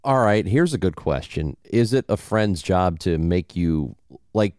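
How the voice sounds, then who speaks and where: A man's voice: sits low, a little slow, no echo, clean studio sound. A young man from Southern Illinois with a slight Southern Illinois accent, chatting casually as a podcast co-host and telling stories with many restarts. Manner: animated, storytelling, many restarts. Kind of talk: casual chat.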